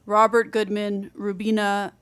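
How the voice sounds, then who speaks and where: A woman chairs a public hearing and reads out a list of names very slowly. Her voice is smooth and clear, and she trips over a few unfamiliar names. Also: mid-range voice, completely flat delivery. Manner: measured, stumbles over names. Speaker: meeting chair.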